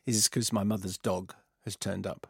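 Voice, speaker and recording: A man's voice: fairly low pitch, level tone, moderate pace, vocal fry, fairly bright tone, husky, dry recording. Drowsy, dry-humored man on the radio. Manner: dry, self-mocking, drowsy. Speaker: radio co-host. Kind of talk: casual banter on radio.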